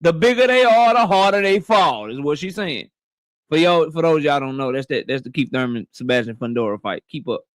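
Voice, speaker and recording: A high-pitched man talks casually into a dry, close mic from his office. He hosts a live stream, cursing freely and greeting viewers one after another. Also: lively intonation, brisk, no room sound. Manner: loose, profane, shouting out viewers by name. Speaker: boxing live-stream host. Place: home office.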